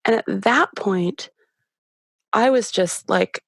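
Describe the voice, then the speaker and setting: A woman's voice: mid-range voice, fairly bright tone, no room sound, studio quality. Candid woman retelling a birth story. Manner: candid, halting, full of restarts. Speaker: podcast guest. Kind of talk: personal storytelling.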